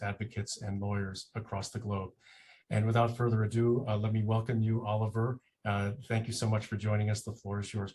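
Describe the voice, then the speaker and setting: A man's voice: lowish voice, a little mellow. A man hosting an online talk, introducing a guest in a polite, slightly hesitant way over a video call. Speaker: host, moderator. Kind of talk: formal introduction.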